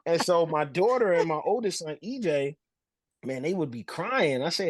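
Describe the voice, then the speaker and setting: A man from New Jersey, a podcast guest telling stories in casual talk, animated and full of restarts. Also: a little high, normal speed, no room sound. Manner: animated storyteller, acts out voices, frequent restarts. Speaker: podcast guest, former pro basketball showman.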